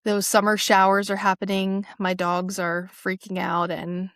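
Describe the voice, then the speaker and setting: A woman's voice: medium pitch, monotone, unhurried, a bit bright, no room sound. Friendly woman co-host, dry voice. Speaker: podcast co-host. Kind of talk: casual chat.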